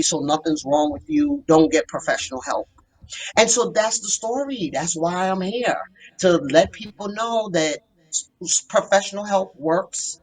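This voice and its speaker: A woman's voice: fairly low pitch, poor audio. A woman therapist telling her story as a podcast guest, earnest and emphatic. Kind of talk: podcast interview.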